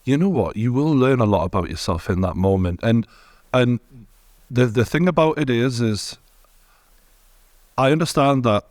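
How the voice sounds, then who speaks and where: A man's voice: mid-range voice, animated, moderate pace, pauses often, a little mellow, no echo, clean studio sound. Blunt, encouraging Geordie man. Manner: encouraging, blunt, swears casually. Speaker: interview host. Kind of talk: supportive interview chat.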